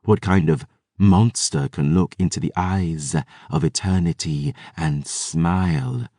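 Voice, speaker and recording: A man reading an audiobook voices a grave vampire woman with a soft, hushed, solemn way of speaking. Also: rumbling low, slow pace, no room sound, clean studio sound, exaggerated voice.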